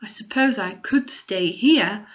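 A woman's voice: medium pitch, slow pace, lo-fi sound, natural voice. Woman voicing a timid, fearful boy. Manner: hesitant, doubtful.

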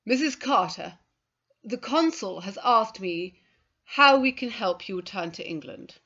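A woman's voice: medium pitch, lively intonation, measured pace, a bit bright, dull audio. A woman doing a polite young Englishman. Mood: tactful. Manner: polite, tactful. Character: polite young English consular assistant, male.

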